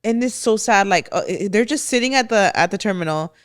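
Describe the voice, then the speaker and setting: Animated gossiping woman podcast host. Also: mid-range voice, brisk. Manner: animated gossiping, lots of "like" and swearing. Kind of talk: casual chat.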